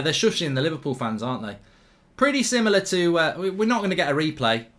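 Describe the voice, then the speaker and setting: A man hosting a live football watchalong stream, commentating excitably, swearing casually and ranting in bursts. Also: sits high, fast talker.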